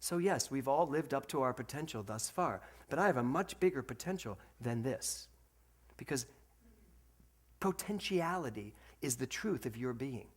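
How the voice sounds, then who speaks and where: Man, minister, sermon, humorous storyteller, animated, lively swooping pitch. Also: moderate pace. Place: spiritual center.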